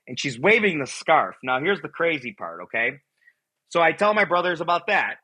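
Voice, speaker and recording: A man from Buffalo, New York, recounting his own experience in a bright, forceful voice with a husky edge. He tells it in an animated way and acts out the lines he once shouted. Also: mid-range voice, low-quality recording. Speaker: guest. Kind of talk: telling a personal story.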